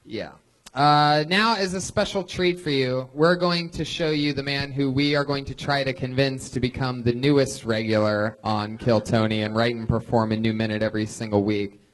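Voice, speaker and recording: A man's voice: mid-range voice, fairly even intonation, moderate pace, low-quality recording. Guy hosting a live comedy show at a club, hypes people up, swears a lot. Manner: hype-man introductions, swearing. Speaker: host.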